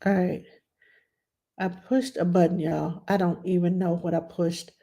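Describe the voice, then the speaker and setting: A middle-aged woman working as a nanny hosts a live stream, giving chatty parenting advice and answering viewer questions. Her voice is lowish, flat and unhurried, yet her manner is loose and talkative as she reads questions aloud and brightly greets viewers.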